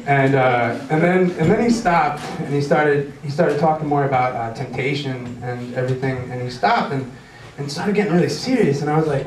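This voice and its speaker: A young male comedian rambles through a self-deprecating stand-up set, tripping over his own restarts. His voice sits a bit high. It sounds roomy and distant, like a small club taped from the back, with clear room noise behind him. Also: brisk. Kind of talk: stand-up routine.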